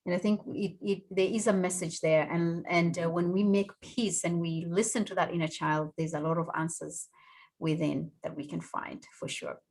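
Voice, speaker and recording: A woman's voice: fairly low pitch, little pitch movement, normal speed. A woman hosting a radio talk show, thanking and affirming her guests with some restarts. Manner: warm, affirming, with fillers and restarts. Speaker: host.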